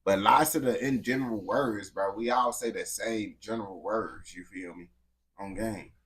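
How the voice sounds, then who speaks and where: Husky slang-heavy male livestreamer. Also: on the low side, normal speed, fairly bright tone. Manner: slangy, repetitive, laughing, talking to chat. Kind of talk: casual livestream chat with viewers.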